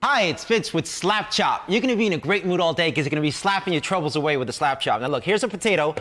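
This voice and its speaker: A man delivering an infomercial sales pitch in a brash, pushy salesman manner. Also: lively intonation, fast, fairly bright tone.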